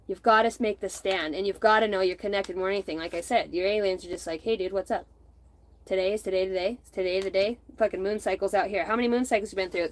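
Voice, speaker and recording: A woman's voice: mid-range voice, poor audio. Blunt, rambling middle-aged woman reader. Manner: rambling, blunt and profane, laughs often. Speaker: intuitive tarot reader. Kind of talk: casual spiritual channel reading.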